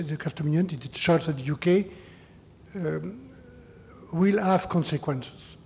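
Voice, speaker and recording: In a large lecture hall, the EU chief negotiator, an older man with a French accent, fields questions in careful, slightly high-pitched English. His tone is dark, and he frequently repeats words while hunting for the right phrasing before hammering points home with a questioning "huh?".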